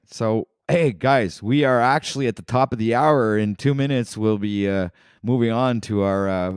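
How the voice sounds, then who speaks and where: A man's voice: fairly low pitch, darkish tone, smooth, no room sound, studio quality. A man hosting a livestream show, hyped and swearing, announcing the next segment. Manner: hyped, swearing, addresses "guys". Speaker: show host.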